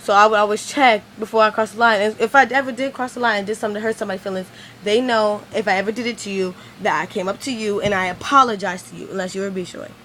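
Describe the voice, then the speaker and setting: Woman vlogger, rambling rant, lots of fillers, mid pitch, slight background noise. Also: steady tone, fast talker, a bit bright, poor audio. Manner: rambling, venting, heavy use of "like". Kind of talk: ranting vlog monologue.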